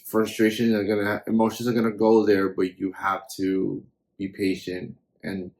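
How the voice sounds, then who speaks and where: Young dad co-host, very low and gravelly, earnest, halting delivery. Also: male voice, completely flat delivery, a little mellow. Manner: earnest, halting, repeats himself. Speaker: parent vlogger, co-host. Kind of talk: casual parenting advice chat.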